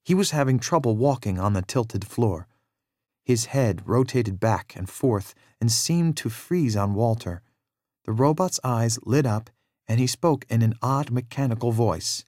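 A man narrating a children's adventure story in a measured, expressive read-aloud style, with a very dry sound. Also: medium pitch, dry recording.

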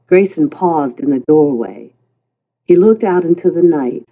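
An audiobook narrator reading a story in a calm, unhurried way that turns lively in dialogue. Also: mid-range voice. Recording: tinny phone-like sound.

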